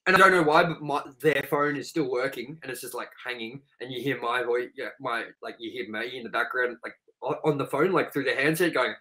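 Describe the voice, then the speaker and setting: A man's voice: medium pitch, brisk, few pauses, bright, forceful tone. Ranting Australian man, podcast host. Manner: profane, heated ranting. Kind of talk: casual podcast chat.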